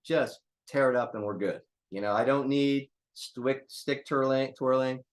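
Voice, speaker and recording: A man's voice: medium pitch, unhurried. An older man, a drummer being interviewed, talking bluntly and casually with jokes and swearing. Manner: blunt, joking, swears freely. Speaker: drummer guest.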